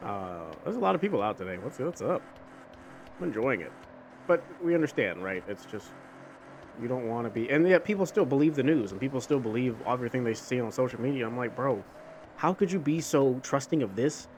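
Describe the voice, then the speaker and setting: A man's voice: medium pitch, animated, brisk, a little mellow. A young man hosting a gaming video, talking casually and earnestly about faith while he drives, full of restarts and fillers. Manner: rambling and conversational, with many restarts and fillers. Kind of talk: casual chat while playing a driving game. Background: faint car engine and road noise from a game.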